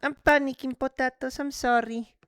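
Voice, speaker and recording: Excitable bilingual woman streamer. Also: sits high, moderate pace, no echo, clean studio sound. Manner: excitable, switches between English and Spanish. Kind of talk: casual live-stream chat while gaming.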